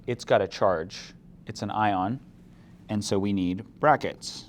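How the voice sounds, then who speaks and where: A man with a lowish voice lectures on chemistry at a slow pace, with slight background noise. He explains things step by step, poses questions to the class, and is mildly opinionated.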